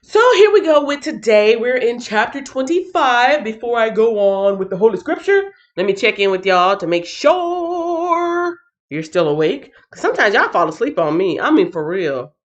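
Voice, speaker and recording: Chatty woman hosting a bible stream, jokey, laughs a lot, lively up-and-down voice. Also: on the high side, moderate pace, lo-fi sound. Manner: playful and chatty, laughs a lot, talks to viewers. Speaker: host of a Bible reading livestream. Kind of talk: casual livestream chat.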